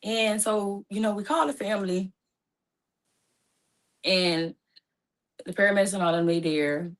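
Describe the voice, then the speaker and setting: A woman recounting a painful personal story in casual, informal speech, her voice rising high and loud when distressed. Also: unhurried. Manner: speaks casually with informal phrasing. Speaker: guest telling her story.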